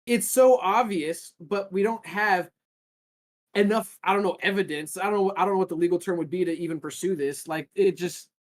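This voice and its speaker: A man's voice: sits high, moderate pace. A man co-hosting a podcast, talking casually in long rambling runs with frequent restarts and a gloomy, nihilistic outlook. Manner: rambling, self-described nihilistic, restarts often. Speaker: podcast co-host.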